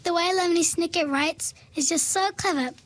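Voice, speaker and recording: A woman hosts a book discussion and invites a guest to read. She speaks in a warm, encouraging way, and her voice is very high. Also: fairly quick. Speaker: host.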